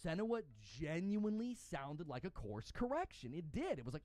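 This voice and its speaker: Fired-up man ranting with a lively voice. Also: sits high, moderate pace, hardly any pauses, no room sound. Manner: angry, indignant, emphatic. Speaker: gaming commentator. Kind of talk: heated opinion rant.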